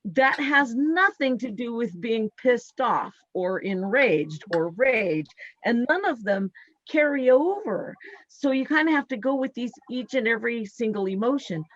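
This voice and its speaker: A woman's voice: a little high, expressive, a little slow, no echo, dull audio. A woman hosting a live talk show, earnest and explaining by acting out what she tells herself. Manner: earnest, explains by acting out her inner speech.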